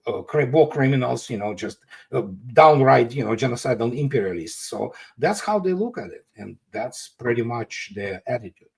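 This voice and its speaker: A man's voice: mid-range voice, gravelly, darkish tone. A man talking as an interview guest, with emphatic, scornful political commentary full of "you know" fillers. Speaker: guest analyst.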